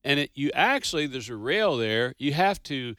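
A man's voice: mid-range voice, big pitch swings, normal speed, a bit bright, no echo. A man co-hosting a casual radio trivia show on a studio microphone, chatty and jokey.

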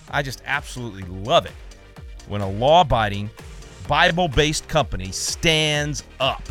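A man from Texas hosting a talk radio show, talking fast and emphatically with frequent repeated words. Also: medium pitch, pushed and bright.

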